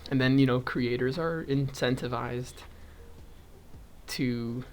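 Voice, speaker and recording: A young vlogger talks casually while crocheting, counting stitches aloud, drifting into tangents and chuckling a lot. He speaks slowly at medium pitch with fairly even intonation, and there's slight background noise.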